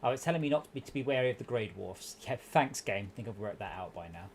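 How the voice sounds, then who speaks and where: A man's voice: lowish voice, expressive, quick pace, a little hiss or hum. A young man hosting a game stream, giving exasperated running commentary with stumbling restarts. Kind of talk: casual gameplay chat.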